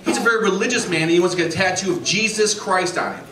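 A man doing a stand-up comedy set in a club, telling stories deadpan and acting out his customers. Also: high-pitched, rapid-fire, a crowd in the background. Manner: deadpan storytelling, voicing customers. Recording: roomy, distant, noisy club recording. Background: audience laughter.

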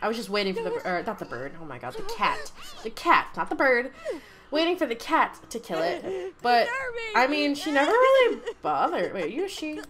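High, lively woman gamer. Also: normal speed, crowd noise. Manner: animated, emotional, laughing often. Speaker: gaming channel host. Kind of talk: let's play commentary.

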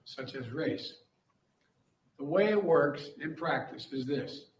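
A man speaking in a measured, explanatory way in a played clip. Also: fairly high pitch, expressive. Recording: roomy clip.

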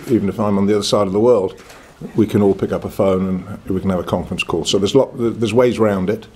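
A man's voice: on the low side, fairly even intonation, fast, mellow, husky. Blunt, confident older man. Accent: northern English. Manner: blunt, confident, plain-spoken. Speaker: cricket club chairman. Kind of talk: press conference answers.

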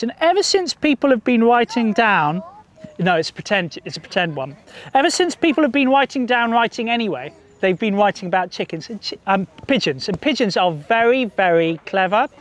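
A man telling stories to a group of children in a park, in a lively sing-song way, coaxing them to join in. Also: very high voice. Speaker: children's storyteller. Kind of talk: storytelling to children outdoors. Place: outdoors in a park.

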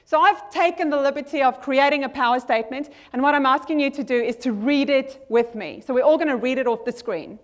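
A woman speaks high and bright, driving an energetic motivational talk. She stresses and repeats key lines and checks that her audience is following. She also leads the group through a spoken affirmation. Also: brisk, few pauses. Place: conference hall with a screen.

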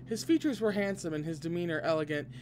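A man reads a novel aloud with expressive delivery, breaking in with excited asides now and then. His voice sits fairly high for a man. Faint noise runs underneath. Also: fast talker. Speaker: podcast reader. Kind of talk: reading a novel aloud with reactions.

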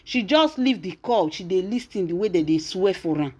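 A woman's voice: mid-range voice, lively intonation, moderate pace, a little mellow, husky. A woman with a Nigerian accent hosting a celebrity gossip channel, retelling the story dramatically with exclamations and acted-out quotes.

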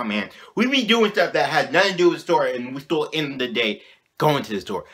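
A young man telling a childhood story in a casual vlog, animated and slangy, often checking in with "you know what I'm saying". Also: mid-range voice, fairly quick. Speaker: vlogger.

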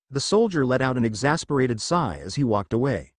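Man narrator, lively pitch, story reading, dry close sound. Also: brisk, no echo. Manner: reads all the figures himself. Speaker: fan fiction reader.

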